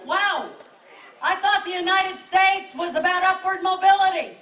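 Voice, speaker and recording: A woman's voice: very high-pitched, measured pace, fairly bright tone. A woman from Western New York with a Western New York accent, a congressional candidate giving an emphatic, rousing speech at an outdoor rally. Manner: rousing, emphatic, punchy repeated lines. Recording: echoey, distant from mic, crowd noise.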